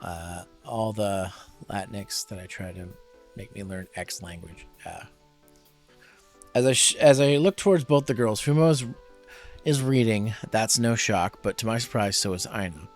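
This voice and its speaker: A man's voice: on the low side, normal speed, soft background music. A young adult man streaming a game, chatting casually and rambling with many fillers.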